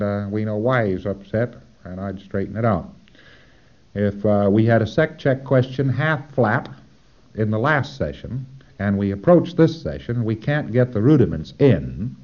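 A man giving a technical lecture, explaining step by step with dry humor and acting out short examples, on a dull lo-fi tape recording. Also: on the low side.

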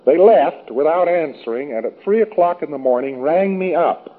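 A man's voice: a little high, lively intonation, moderate pace. A man giving an informal lecture in a wry, rambling, anecdotal way. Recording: thin phone-like old recording.

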